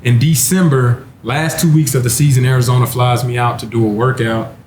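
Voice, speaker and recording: A man's voice: mid-range voice, steady tone, a little fast, noisy background. Laid-back man telling a laughing story. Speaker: former NFL running back, panelist. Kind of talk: casual storytelling chat. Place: wine bar, indoors. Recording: roomy with faint ambience.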